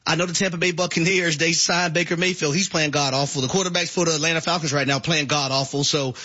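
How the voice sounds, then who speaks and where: A man's voice: fairly high pitch, fairly even intonation, fast, sharp tone, muffled recording, faint music behind. A man co-hosting sports talk radio, emphatic and repeating words for stress.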